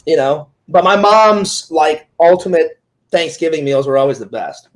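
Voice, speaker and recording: Chatty high-voiced man telling stories. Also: normal speed. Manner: talkative, repeats "he goes" and "like". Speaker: interviewer, Twitch streamer. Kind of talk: casual chat, rambling storytelling.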